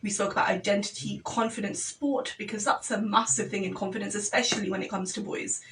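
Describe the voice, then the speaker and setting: A woman's voice: mid-range voice, steady tone, a little fast, a bit bright, recorded from a distance, slight background noise, low-quality recording. Passionate woman guest. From Birmingham, England. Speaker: radio show guest, community organiser. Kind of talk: casual radio discussion.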